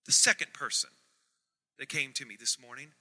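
A man preaching a sermon as pastor, swinging from soft asides to loud emphatic repetition. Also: medium pitch, normal speed. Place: church sanctuary. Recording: reverberant church hall.

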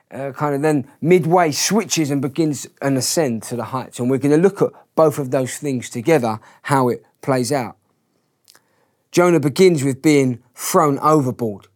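A man preaching a sermon with a scripture reading, speaking earnestly and often restarting and repeating his words. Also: fairly high pitch.

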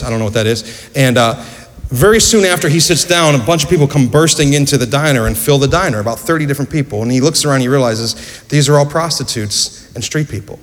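A man preaching a sermon in a church, earnest storytelling with rhetorical questions. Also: mid-range voice. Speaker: pastor. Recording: echoey church hall.

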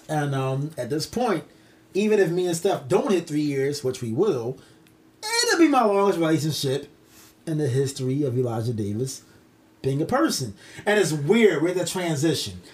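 Animated, high-voiced young man. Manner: animated, profane storytelling with put-on quotes. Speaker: podcast co-host. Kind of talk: casual podcast banter.

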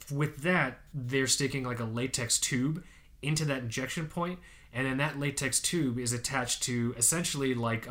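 A man's voice: mid-range voice, fairly bright tone. A man co-hosting a casual podcast, telling a story emphatically, with frequent swearing and fillers. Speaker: podcast co-host.

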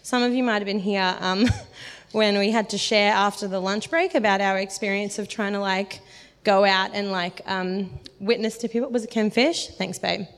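A woman's voice: mid-range voice, fairly even intonation, moderate pace. A woman preaching a sermon, telling self-deprecating stories in a chatty way and laughing often. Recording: long hall reverb.

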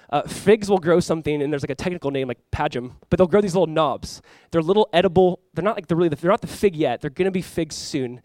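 High-voiced, animated male pastor preaching. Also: no echo. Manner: animated, reads scripture with rising emphasis; conversational asides and jokes. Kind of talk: sermon.

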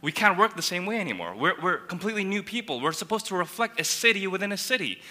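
A male pastor delivers a sermon in a bright, ringing, slightly high voice. He is earnest and restarts phrases as he builds his points. His voice carries a long reverb from a church hall. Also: sing-song, fast talker. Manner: earnest, repeats words while building a point.

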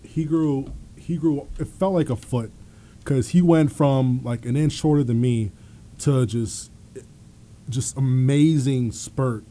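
A former college basketball player in his thirties tells stories during a casual studio chat, speaking slowly in a medium-pitched voice. He's an animated storyteller who laughs a lot and acts out the voices of the people he quotes.

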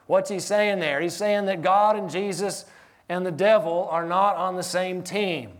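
A man with a high voice preaches as pastor at a measured pace. Animated throughout, he moves between forceful declarations and soft passages, laughing while telling his stories.

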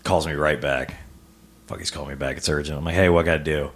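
A stand-up comedian from Rock Island in the US Midwest tells a personal story as a podcast guest in a living room. His voice is rumbling and low with fairly even intonation, and he talks fast, swearing a lot and stammering through restarts during this casual interview.

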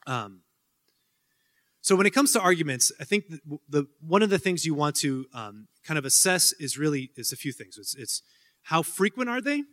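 This man answers student questions at a casual Q&A in a somewhat high, slightly bright voice with big pitch swings and a moderate pace. Rambling, he leans on fillers and throws in joking asides, while the hall adds a long reverb.

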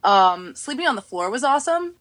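A young woman from New York telling stories in a casual podcast chat, animated and acting out the people she quotes. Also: fairly high pitch, brisk, dry recording. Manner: animated storytelling, acting out others in quoted voices, laughing often. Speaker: podcast guest.

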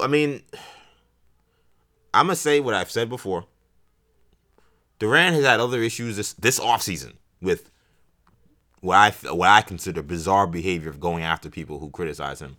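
A man with a low voice that still rings bright and forward. He co-hosts a podcast in casual sports chat, rambling with many fillers and restarts. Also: animated, normal speed, long pauses. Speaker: podcast co-host.

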